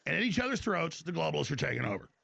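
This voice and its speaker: A man ranting as talk show host in a heated monologue, stumbling over restarts. His voice is high and gravelly and swings widely in pitch. The sound is dry and dull, like lo-fi broadcast audio. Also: big pitch swings, racing, fairly bright tone.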